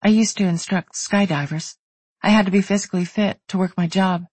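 A determined young heroine, straining and defiant, lifts her voice high and breathless, as the narrator acts her. The sound is husky and dry, close to the mic. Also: fairly even intonation, fairly quick, a little mellow, no room sound, natural voice. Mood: earnest.

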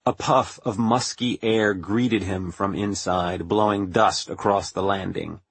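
A man reading a novel aloud as an audiobook narrator, in a measured, even storytelling manner. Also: deep voice, creaky, husky. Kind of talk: scripted narration.

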